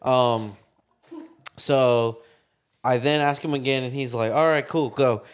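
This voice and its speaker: A man's voice: mid-range voice, takes it slowly, clean tone. A young man co-hosting a casual talk show, telling a story with lots of swearing and acted-out quotes, recorded in a parked car. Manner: animated storyteller, acts out quotes, swears freely. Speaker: podcast co-host.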